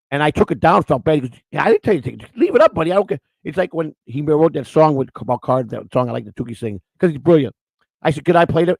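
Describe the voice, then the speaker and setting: A gravelly man talks crudely and rambles, often stumbling over his words. His voice sits mid-pitched, and the recording is close and dry. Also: darkish tone, dry recording, low-quality recording. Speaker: co-host of a live-streamed morning show. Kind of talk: rambling casual chat reading live chat.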